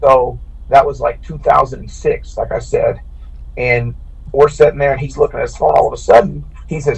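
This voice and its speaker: Gravelly, husky man telling a story. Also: mid-range voice, normal speed, rough recording. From Illinois. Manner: animated, rambling anecdote with frequent restarts. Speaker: podcast guest, bracket racer. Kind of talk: casual storytelling.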